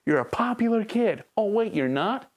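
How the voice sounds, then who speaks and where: A woman's voice: medium pitch, lively intonation, moderate pace. A woman reviewing a movie in a casual video, talking straight to the viewer with sarcastic rhetorical questions.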